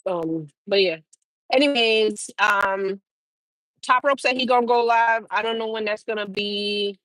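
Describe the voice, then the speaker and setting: A young woman chats casually on her livestream in a middle-pitched voice, swearing freely and laughing as she answers her chat. The sound is dry and close, with no room in it. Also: measured pace, fairly bright tone, no room sound, poor audio. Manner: loose, profane, laughing, talks back to chat. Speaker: trucker livestream host.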